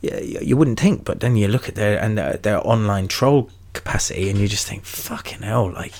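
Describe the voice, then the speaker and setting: A man's voice: on the low side, a little fast, a little mellow. A young man from London with a London accent, talking casually and at length on his podcast, rambling with many restarts and swearing freely. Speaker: podcast host. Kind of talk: casual solo podcast monologue.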